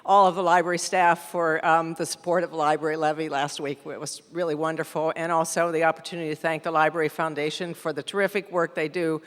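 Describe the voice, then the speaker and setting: Woman at forum mic, smooth resonant voice, hesitant, echoey hall. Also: low-pitched, level tone, quick pace, few pauses. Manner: hesitant, many fillers. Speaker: library director asking a question. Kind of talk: public forum question. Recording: echoey hall, live event.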